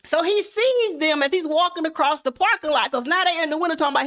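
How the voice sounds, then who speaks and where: A woman's voice: very high-pitched, fast talker, hardly any pauses, a bit bright. A woman giving a motivational talk through a folksy, casual story, speaking straight to her listeners. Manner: folksy, addresses listeners as y'all. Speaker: content creator, motivational speaker.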